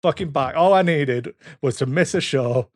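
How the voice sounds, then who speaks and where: A man's voice: fairly high pitch, moderate pace, darkish tone, no echo, studio quality. A man in his thirties co-hosting a podcast, telling rambling stories and swearing freely in casual chat. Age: 30s. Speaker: podcast co-host.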